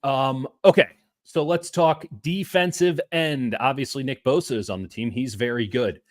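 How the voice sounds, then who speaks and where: A man hosting a casual sports podcast, talking with animated swings between loud and soft. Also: mid-range voice, normal speed, dry recording, clean studio sound. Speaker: podcast host.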